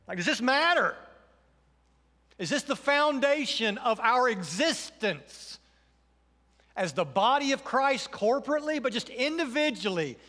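High-voiced man preaching in a reverberant church. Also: big pitch swings, measured pace. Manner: earnest preaching, rising to emphatic questions then dropping soft. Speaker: pastor. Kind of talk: sermon. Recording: church hall with long reverb.

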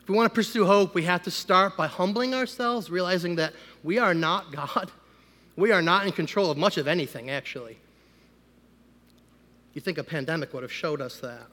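A man, a pastor, giving a conversational sermon that rises into loud, emphatic preaching. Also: high voice, normal speed. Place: church sanctuary. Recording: long hall reverb.

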